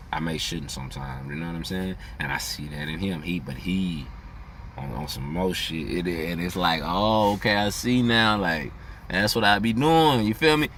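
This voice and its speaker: A young adult man in a casual, rambling vlog monologue, cursing freely and getting animated, laughing often. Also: fairly low pitch, slight background noise. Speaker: astrology vlogger.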